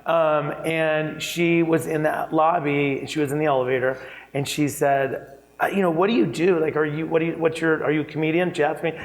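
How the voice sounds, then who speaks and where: A man with a fairly high voice talks as an on-stage keynote guest. He tells his stories chattily and with animation, circling back with fillers and laughing along the way. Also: fairly even intonation, normal speed, low-quality recording. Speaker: keynote speaker, interior designer. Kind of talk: conversational storytelling on stage.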